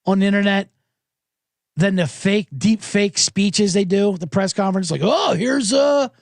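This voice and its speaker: Middle-aged male host, high lively ranting voice, sarcastic comic monologue, dry close sound. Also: normal speed, no echo. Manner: sarcastic, animated, swears freely. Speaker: podcast host. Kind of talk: ranting comedic podcast monologue.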